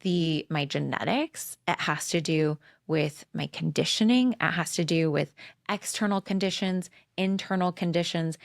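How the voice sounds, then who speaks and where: A woman's voice: lowish voice, unhurried, vocal fry, no room sound, studio quality. A woman in her forties hosting a podcast, talking frankly and casually with lots of "like" and some swearing, acting out quoted conversations. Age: 40s. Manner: candid and profane, fillers of "like", animated re-enacting of quotes. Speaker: podcast host. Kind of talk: casual spiritual self-help monologue.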